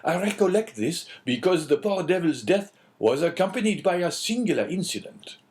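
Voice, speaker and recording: Brief: man doing a fretful, pleading middle-aged inspector in a storybook reading, raised, swooping pitch. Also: sing-song, normal speed. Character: anxious middle-aged male prison inspector, eager.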